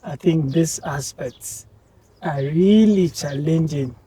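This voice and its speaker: A woman student guest in a casual interview, speaking softly and hesitantly, with a reflective tone. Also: deep voice, slow pace.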